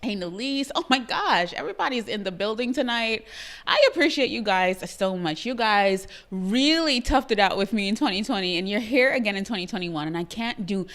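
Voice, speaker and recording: A woman's voice: medium pitch, lively intonation, normal speed, a bit bright. A woman with a Trinidadian accent hosting a live-streamed talk show, bubbly, laughing often and greeting her viewers by name. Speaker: livestream show host.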